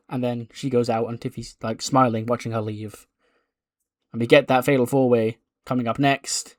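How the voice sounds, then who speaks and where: A man's voice: mid-range voice, steady tone, moderate pace, no room sound, clean studio sound. A man narrating a wrestling management game in loose, chatty fashion, laughing at himself. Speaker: gaming video creator. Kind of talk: casual let's-play narration.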